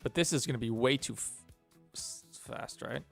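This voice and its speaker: A man with a gravelly voice chats casually on a livestream. He rambles while he works and thanks his donors. Soft music plays in the background. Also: mid-range voice, moderate pace. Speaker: game developer livestreamer.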